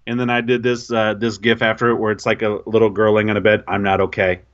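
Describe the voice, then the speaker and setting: A man co-hosting a podcast, telling an embarrassing story in casual, animated, self-mocking chat. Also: lowish voice, fast talker, dull audio. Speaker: podcast co-host.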